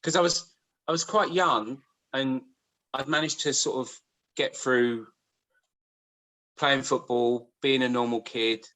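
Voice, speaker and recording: A man co-hosting a laid-back podcast, spinning long, wandering anecdotes. His voice is at a middling pitch and he talks in an easy, chatty way, full of asides. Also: fairly even intonation, slow, long pauses, fairly bright tone, poor audio. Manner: rambling anecdotal storyteller. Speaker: podcast co-host. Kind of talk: casual chat.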